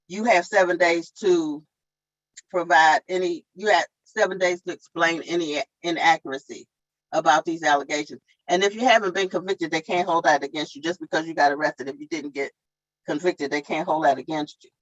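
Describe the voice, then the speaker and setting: A woman's voice: lowish voice, moderate pace, a bit bright, lo-fi sound. A woman at an online town hall, explaining tenant law step by step in a plain, repetitive way. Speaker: tenant advocate.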